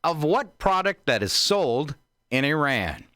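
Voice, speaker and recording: A man's voice: a little high, very animated, a little slow, sharp tone, no room sound, clean studio sound. A man co-hosting a casual live stream, asking trivia questions and laughing often. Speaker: co-host. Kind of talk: casual trivia quiz chat.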